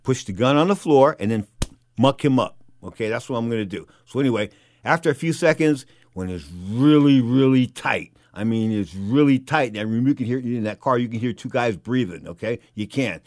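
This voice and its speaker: A middle-aged man telling a casual anecdote, animated and rambling, full of repeats and fillers. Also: medium pitch, normal speed, no room sound, clean studio sound. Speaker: storyteller.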